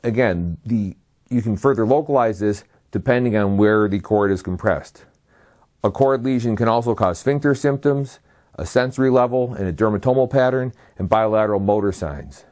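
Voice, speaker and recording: A medical lecturer with a somewhat low, slightly mellow voice walks through a slide lecture step by step at a moderate pace. He rattles off terms one after another and slips in short, dry asides.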